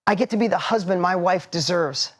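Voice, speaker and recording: A man's voice: high voice, a little fast, a bit bright. Emphatic man giving a motivational talk. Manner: emphatic, punchy repetition. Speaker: motivational speaker.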